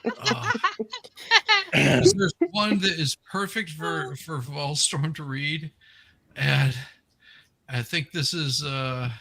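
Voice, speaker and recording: A man's voice: fairly high pitch, very animated, slow pace, creaky, pauses often, sharp tone. A man hosting a podcast in casual chat, giddy and laughing. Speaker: podcast host.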